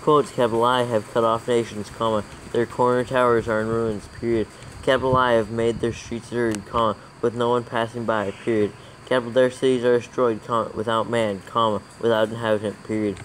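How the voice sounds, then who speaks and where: Man, mid-pitched, flat delivery, methodical proofreading dictation. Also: a little fast, a little hiss or hum, poor audio. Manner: steady, monotone dictation, calling out capitals and commas. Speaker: proofreader reading scripture aloud. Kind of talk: dictating text with spoken punctuation.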